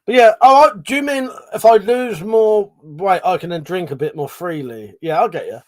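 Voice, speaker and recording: A man's voice: high-pitched, normal speed. A middle-aged man hosting a casual livestream, reading chat messages aloud, swearing freely, laughing and mumbling asides. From Britain.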